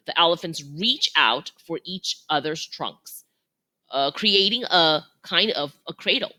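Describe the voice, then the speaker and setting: A woman reads a children's novel aloud with an expressive, animated delivery. Her voice is bright and lively, rising and falling freely, set in a fairly low register. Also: unhurried. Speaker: reader.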